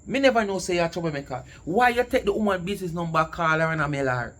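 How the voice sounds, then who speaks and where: A man's voice: a little high, animated, fast, few pauses, fairly bright tone. A man with a Jamaican accent scolding and mocking someone in casual online commentary. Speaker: commentary channel host.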